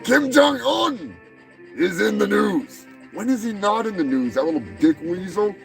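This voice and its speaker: A man hosting a show in a crude, profane comedy rant, mocking people and shouting when worked up. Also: high voice, expressive, unhurried, creaky, faint music behind. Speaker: podcast host.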